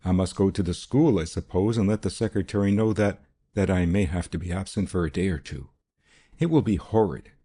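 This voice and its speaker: A man's voice: deep voice, brisk, dark tone. A man reading an audiobook, voicing a fragile, anxious young woman who speaks plaintively. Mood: distressed. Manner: tremulous, plaintive.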